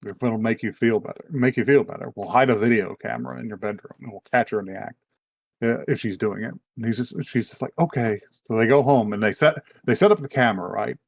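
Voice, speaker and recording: A man chatting casually on a podcast, recapping a story in a loose, rambling way. He slips into brief put-on voices for the characters and laughs along the way. His voice sits at a middle pitch, recorded close and dry. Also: fast talker, gravelly, dry recording, muffled recording. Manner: rambling retelling with put-on quotes, many fillers and laughs. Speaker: podcast co-host. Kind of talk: casual chat recapping an anime.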